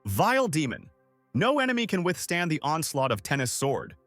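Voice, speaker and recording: A man's voice: fairly high pitch, huge pitch swings, normal speed, no echo, soft background music, voice pushed up. A man reading as a rash young swordsman. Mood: defiant. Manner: shouting boastfully.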